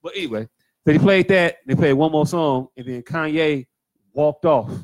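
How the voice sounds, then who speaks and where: A man's voice: a little high, moderate pace, no room sound. A man co-hosting a casual podcast chat, laid-back and repeatedly cutting in with "hey, look". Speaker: podcast co-host.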